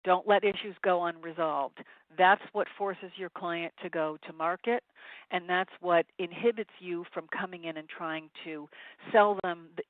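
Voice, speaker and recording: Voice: mid-range voice, no room sound. Advisor on a tinny webinar line. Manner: direct advice to sales teams, frequent "um" fillers. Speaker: sourcing advisory consultant presenting a webinar. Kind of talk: webinar presentation. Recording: tinny phone-line webinar audio, dry.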